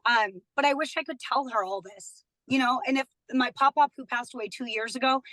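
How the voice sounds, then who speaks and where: A woman's voice: fairly high pitch, bright, forceful tone, no room sound, rough recording. A woman in her thirties, a studio guest, chatting casually and laughing often as she tells personal stories. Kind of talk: casual chat.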